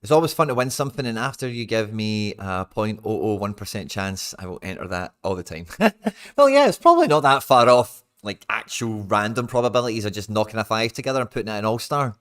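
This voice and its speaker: A young Scottish man hosting a football watch-along, ranting and swearing in exasperation with sudden loud outbursts, speaking into a desk mic. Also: lowish voice, big pitch swings, quick pace, few pauses, smooth. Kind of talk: live match watch-along chat.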